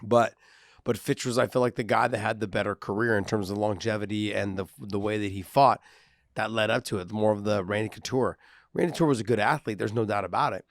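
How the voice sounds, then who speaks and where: A man's voice: on the low side, fairly even intonation, brisk, no echo, clean studio sound. A man, a podcast co-host and former fighter, telling fight stories in casual chat, swearing freely and acting out what people said. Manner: profane storyteller, acts out quotes.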